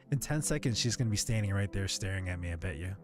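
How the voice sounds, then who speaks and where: A man's voice: sits low, expressive, fast talker, over music. A man streaming live in casual chat, rambling and ranting with frequent swearing.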